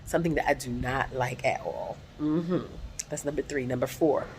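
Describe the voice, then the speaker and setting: A woman's voice: a bass voice, moderate pace, darkish tone, slight background noise. A woman with an American accent, talking in a casual vlog, voicing emphatic and outspoken complaints. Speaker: vlogger.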